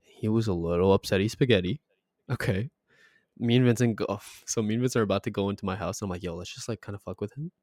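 A young man, co-hosting a casual podcast and telling a story with laughs, sometimes getting loud. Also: lowish voice, fast talker, no echo, studio quality. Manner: animated storyteller, laughs often, gets loud. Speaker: podcast co-host. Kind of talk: casual chat.

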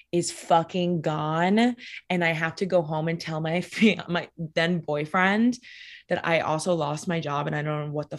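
A young adult woman shares personal stories as a guest in a casual conversation. Her voice sits slightly low for a woman. She speaks candidly with many "like" fillers and frequent swearing, and she acts out what people said. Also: a bit bright.

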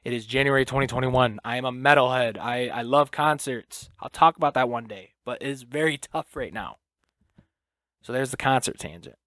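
A man's voice: mid-range voice, normal speed, bright, forceful tone, dry recording. A young man hosting a casual solo podcast, talking loosely with lots of fillers and swearing. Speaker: podcast host.

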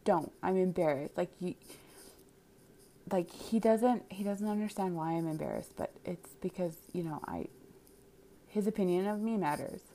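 A woman in her thirties talks through a personal story on her podcast. Her voice sits a little low and sounds mellow and soft. She rambles candidly, restarting her sentences and leaning on fillers as she goes. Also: sing-song, normal speed, pauses often, slight background noise. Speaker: podcast host.

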